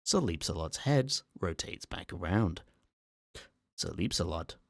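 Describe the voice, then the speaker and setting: A man with a low voice reads a horror story aloud as an ASMR narrator, staying calm, measured, and matter-of-fact. He's close to the microphone, and there's no echo.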